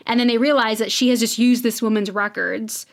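A woman's voice: on the high side, fairly even intonation, fairly quick. A woman co-hosting a podcast, recapping episodes in a chatty storytelling way. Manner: chatty storytelling, acts out quotes. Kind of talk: casual recap chat.

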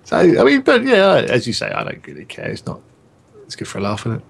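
A man's voice: high voice, wildly swooping pitch, brisk, creaky, breathy edge. Rambling podcast guy. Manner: rambling, hesitant, lots of restarts. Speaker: podcast co-host. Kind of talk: casual podcast banter.

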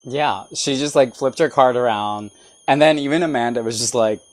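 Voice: medium pitch, moderate pace. A podcast guest chatting casually, loose and joking, laughing often. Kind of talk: casual chat.

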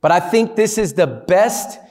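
A man giving a motivational talk to a live audience, energetic and playful, often asking the crowd questions. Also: high voice, a little slow. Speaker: motivational speaker.

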